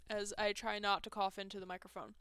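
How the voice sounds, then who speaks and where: A woman's voice: mid-range voice, fairly bright tone, clear, resonant tone. A young woman streaming a game from home on a headset mic, chatting casually, laughing often and poking fun at herself. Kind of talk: casual live-stream chat while playing a game.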